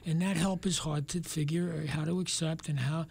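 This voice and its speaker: A man guesting on a radio talk show, speaking in a reflective, soft-spoken way that sometimes drops almost to a whisper. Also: on the high side, fairly even intonation, moderate pace, gravelly, husky. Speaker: guest actor.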